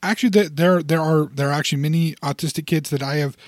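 A fairly high-pitched man talks through an idea in a relaxed podcast chat. He restarts his phrases, repeats words and builds everyday scenarios to make his point. The sound is dry and close, with no room around it. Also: fast, dry recording. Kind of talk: casual explanatory chat.

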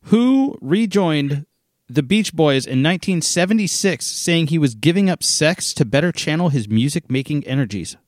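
Brief: upbeat trivia co-host, man, lively pitch, dry close mic. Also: normal speed, no echo. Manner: animated, laughs often. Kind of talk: casual trivia chat.

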